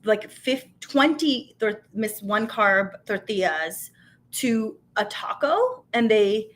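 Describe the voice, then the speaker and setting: Brief: woman, 30s, live-stream host, chatty and animated, mid-pitched voice. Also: takes it slowly. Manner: chatty and animated, talks with her hands, many fillers. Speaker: host of a tasting show. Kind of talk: casual live-stream chat, reading viewer comments.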